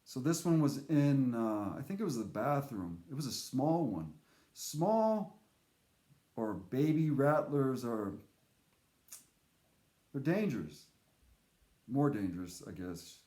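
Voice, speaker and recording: A man telling a casual spoken anecdote in a rambling, animated way, with fillers and restarts. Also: mid-range voice, slow, pauses often. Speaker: storyteller. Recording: echoey room.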